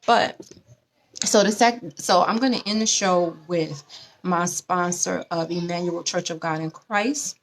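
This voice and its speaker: A woman hosting a relationship advice show, speaking in a lively, preachy way, often acting out other people's lines. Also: on the low side, measured pace. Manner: animated, preachy, acts out quoted voices. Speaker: host. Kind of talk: casual advice talk show.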